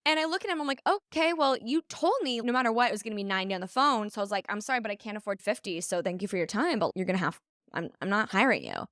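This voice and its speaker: A woman's voice: medium pitch, racing, no room sound, clean studio sound. A woman in her twenties co-hosting a podcast, telling a story with lots of acted-out quotes and laughter. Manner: animated storyteller, acts out quotes, laughs often. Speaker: podcast co-host. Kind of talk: casual chat, storytelling.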